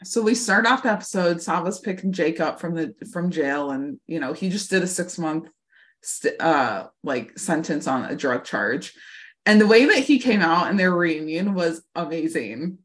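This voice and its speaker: Podcast co-host, woman, somewhat low pitch, gushing casual recap chat. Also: lively intonation, moderate pace. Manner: gushing, chatty, many "like" fillers.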